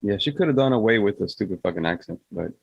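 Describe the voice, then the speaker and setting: A man co-hosting a casual movie review podcast, making blunt, quick remarks and swearing freely. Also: fairly low pitch, animated, gravelly, slightly rough, no echo, lo-fi sound. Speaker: podcast co-host.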